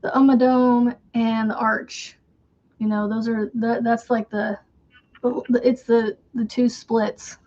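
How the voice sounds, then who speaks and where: A woman's voice: fairly high pitch, little pitch movement, slow, darkish tone, highs cut off. Chatty woman with a faint Southern accent. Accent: faint Southern American. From American South. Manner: chatty, rambling, laughs often. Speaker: crochet livestream host. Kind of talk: casual livestream chat with viewers.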